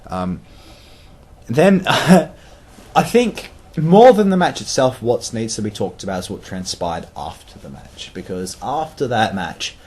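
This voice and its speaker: A man's voice: medium pitch, slow pace, breathy edge. An Australian man guesting on a podcast, telling wrestling stories in casual chat, swearing freely with lots of fillers. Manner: swears freely, animated retelling with repeated fillers.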